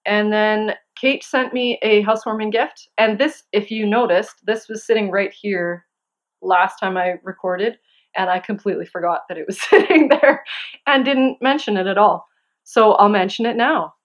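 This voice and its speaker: A young adult woman hosting a knitting podcast from home, chatting casually to camera with giggles and excitable asides. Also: mid-range voice, moderate pace.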